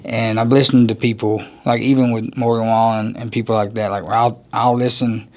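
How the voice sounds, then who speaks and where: A man's voice: mid-range voice, flat delivery, brisk, darkish tone. A man, a country musician, talking casually in an interview, rambling and laughing often. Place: outdoors at a music festival.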